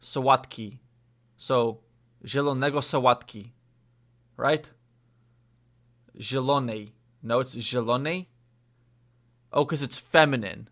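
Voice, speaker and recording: Young male learner, slow and unhurried, bright voice, hesitant and repeating words as he practices. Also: medium pitch. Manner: hesitant, repeats phrases slowly while practicing. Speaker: language learner. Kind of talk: casual language lesson.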